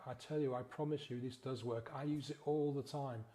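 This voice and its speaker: A man guiding a slow, gentle breathing exercise as a sobriety coach, counting the breaths in a soothing way. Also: medium pitch, steady tone.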